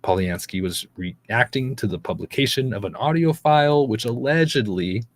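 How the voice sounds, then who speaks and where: A man's voice: medium pitch, expressive, moderate pace. A man hosting a daily news show, reading articles aloud and adding casual, skeptical commentary that sometimes stumbles over names.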